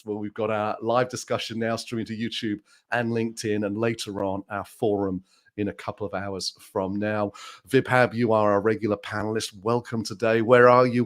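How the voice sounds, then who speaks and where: A British man hosting a live online panel discussion over a video call, chatty and upbeat, laughing often. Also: fairly low pitch. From United Kingdom. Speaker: host.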